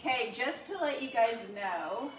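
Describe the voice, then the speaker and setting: A woman with a slightly high voice chats away while she cooks, rambling from thought to thought. The kitchen is echoey, and background noise can be heard clearly throughout. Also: animated, unhurried. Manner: chatty, rambling, frequent "right?" and "like". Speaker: cooking vlogger. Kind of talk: casual chat while cooking. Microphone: camera mic.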